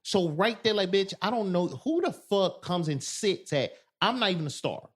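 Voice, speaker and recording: A man co-hosting a podcast in casual chat, telling animated stories and loudly acting out quoted lines. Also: high voice, normal speed. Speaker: podcast co-host.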